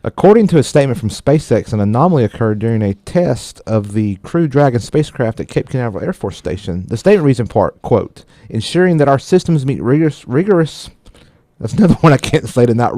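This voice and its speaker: This man has a warm, mid-range voice, captured in clean studio sound with no room tone. Co-hosting a casual radio tech show, he reads the news aloud, often stumbling on words and joking about his slips.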